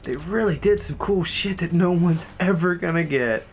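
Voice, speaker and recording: A young man doing casual, profane let's-play commentary who swears a lot and gets excited easily. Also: high voice, moderate pace, slight background noise. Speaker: gameplay commentator.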